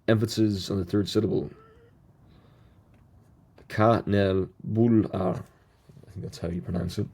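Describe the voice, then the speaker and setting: A man's voice: lowish voice, mellow, husky. A man hosting a solo podcast, reading through a list of notes and stumbling over foreign words with small asides. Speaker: podcast host.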